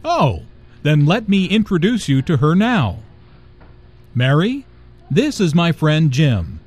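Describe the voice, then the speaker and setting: Courteous everyday man with an animated, slightly raised voice, as a man reads the part for an English lesson. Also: on the high side, slow, heavily acted. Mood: friendly. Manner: clear, courteous, conversational delivery. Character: courteous adult man in a scripted textbook dialogue. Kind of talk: scripted dialogue for English learners.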